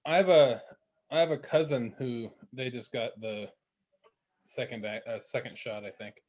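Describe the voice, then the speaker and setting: A man's voice: mid-range voice, fairly even intonation, moderate pace, darkish tone. A man co-hosting a podcast, talking casually and reassuringly in a laid-back way. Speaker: podcast co-host. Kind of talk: casual chat.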